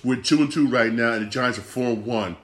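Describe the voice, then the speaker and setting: On his own sports podcast, a frustrated man talks through a football loss at a brisk pace, swearing freely and circling back over the same points. His middle-pitched, slightly bright voice stays plainly upset and disgusted throughout this casual rant.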